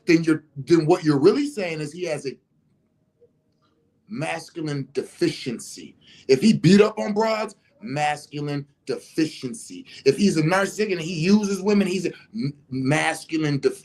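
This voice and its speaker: A man talking in a casual livestream monologue, animated and emphatic, swearing freely. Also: on the high side, moderate pace. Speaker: vlogger.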